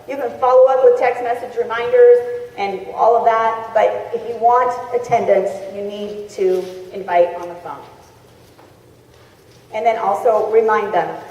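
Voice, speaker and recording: A woman giving a lively, chatty seminar talk to a crowd, acting out sample phone calls. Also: on the high side. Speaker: motivational speaker. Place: large convention hall. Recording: echoey hall recorded from far off.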